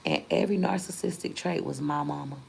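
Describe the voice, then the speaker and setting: Gravelly low-voiced woman, candid vlog storytelling. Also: brisk, darkish tone, slight background noise, low-quality recording. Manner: candid, emphatic, repeats points for force. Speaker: vlogger. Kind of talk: casual storytelling to viewers.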